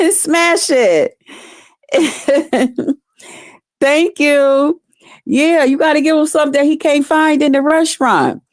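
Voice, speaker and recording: Speaking slowly with long pauses, this woman has a high-sitting voice and a blunt, salty manner as she tells foul-mouthed stories to camera for her live viewers. She's a vlogger chatting casually and talking straight to the people watching. The audio is dry, close-miked and free of room sound.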